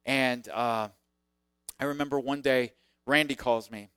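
A man preaching and sharing his testimony tells a self-deprecating story, animatedly acting out the quoted voices within it. His smooth, mid-range voice moves a little slowly. The sound is clean studio audio with no room sound.

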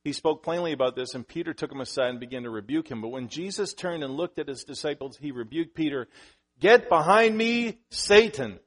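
A male pastor preaching a sermon in a conversational way, who restarts sentences, makes asides to the congregation and grows louder and higher on the points he stresses. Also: fast, few pauses.

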